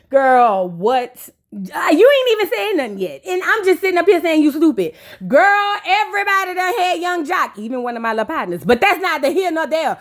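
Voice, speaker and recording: A woman hosting a casual reality TV reaction video, sassy and gossipy, roasting the cast and calling the listener "girl". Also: sits high. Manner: blunt roasting asides.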